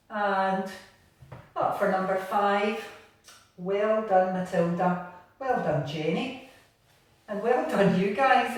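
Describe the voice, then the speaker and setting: Encouraging Scottish woman leading an exercise class. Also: medium pitch. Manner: encouraging, gentle instructions. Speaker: exercise instructor. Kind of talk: guided seated exercise class. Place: bathroom at home. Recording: echoey room, distant mic, faint noise.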